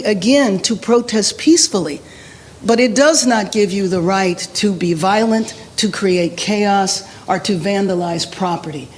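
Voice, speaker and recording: A woman, a city official, giving a formal public address in a measured, deliberate way. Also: a little high, a little mellow, low-quality recording. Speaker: city mayor at a press briefing.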